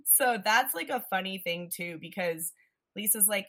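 A woman in casual conversation about a film, animated, often slipping into quoted lines from the characters. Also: fairly low pitch, moderate pace.

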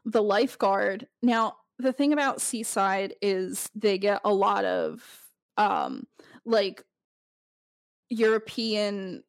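A woman's voice: medium pitch, very animated, slow, dry recording, rough recording. A woman podcast host in casual chat, telling a story in a rambling way with many restarts.

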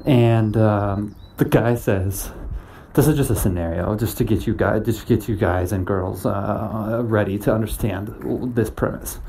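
A man's voice: on the low side, moderate pace, mellow, a little hiss or hum. A man hosting a podcast, rambling through a comedic monologue with goofy laughs and playful sound effects while walking outdoors. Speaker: podcast host.

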